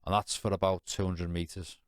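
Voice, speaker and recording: A man's voice: deep voice, flat delivery, a little fast, clear, resonant tone, dry recording, studio quality. A man with informal British slang telling a candid personal story in a podcast chat, blunt and swearing, rambling with fillers and often asking "you know what I mean". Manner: rambling and restarting with many fillers. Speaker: podcast guest.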